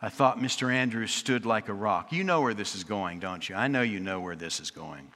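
Bright-voiced preacher in an echoing hall. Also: male voice, fairly low pitch, lively intonation, a little fast. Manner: wry, conversational storytelling with dramatic repetition. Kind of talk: storytelling sermon. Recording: long reverb of a large hall.

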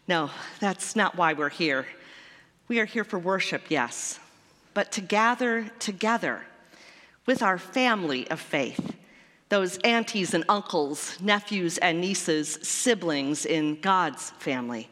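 A woman's voice: on the low side, lively intonation, slow pace, a bit bright. A woman pastor preaching a sermon in a lyrical, repetitive, wondering way. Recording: long church reverb.

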